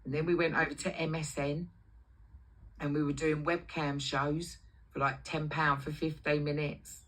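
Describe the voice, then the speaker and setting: Woman, middle-aged, brash and sweary, bright tense voice, a little husky. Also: sits low, flat delivery, moderate pace, rough recording. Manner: brash and foul-mouthed, acting out quoted voices. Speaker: livestream host. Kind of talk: casual storytelling on a livestream.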